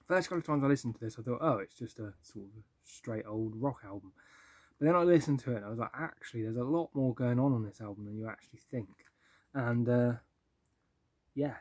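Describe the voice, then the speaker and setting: A man's voice: medium pitch, warm tone, no room sound. Casual young male vlogger, enthusiastic and rambling, dry close sound. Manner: chatty and enthusiastic, many ums and likes. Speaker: music vlogger. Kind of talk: casual album-ranking talk.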